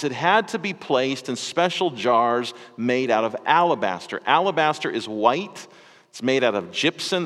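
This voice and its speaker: A man's voice: mid-range voice, fairly bright tone, long reverb tail. A man preaching a sermon to his congregation in a conversational style, with small restarts and asides. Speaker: pastor.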